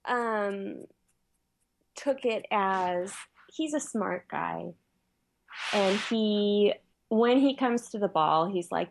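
A woman's voice: mid-range voice, animated, drawn-out words, gravelly, slight background noise. A woman in casual conversation, explaining her points in a matter-of-fact way. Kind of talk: casual chat.

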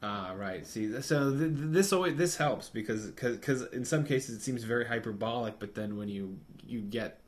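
A man in casual conversation, talking in a halting, musing way with frequent restarts. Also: mid-range voice. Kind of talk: casual chat.

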